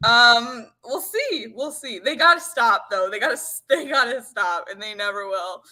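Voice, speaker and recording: A woman co-hosting a podcast in casual chat, lively and gushing, laughing often. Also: on the high side, moderate pace. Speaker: podcast co-host.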